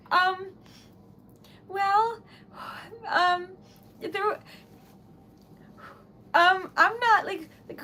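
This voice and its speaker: A young woman hosts a crafting livestream in a high, bright voice, talking in a slow, unhurried way. She sounds flustered and teary, rambling between giggles. Faint room noise hums underneath. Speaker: livestream host. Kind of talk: casual livestream chat while crafting.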